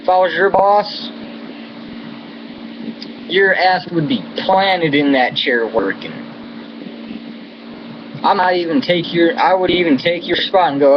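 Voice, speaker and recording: With long pauses and a slow pace, an American vlogger rants angrily at the camera about politics, cursing and slinging insults with open contempt. His voice is a little high with lively intonation, and the dull lo-fi audio carries an air-conditioning hum.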